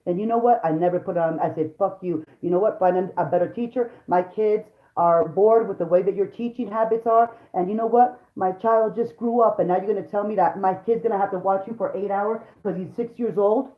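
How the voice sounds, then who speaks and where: A woman's voice: medium pitch, a little fast, hardly any pauses. A woman vlogger and mother delivering a heated, profane rant straight to her viewers. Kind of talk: angry profane rant to camera. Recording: roomy, dull lo-fi sound.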